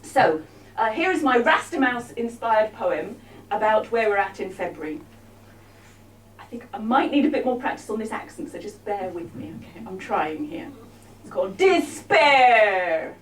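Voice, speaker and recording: A woman's voice: mid-range voice, lively intonation, normal speed, a little hiss or hum. A woman performing a live comic show, chatting with the audience in a wry, teasing way, on an arts venue stage, recorded from far off in an echoey hall.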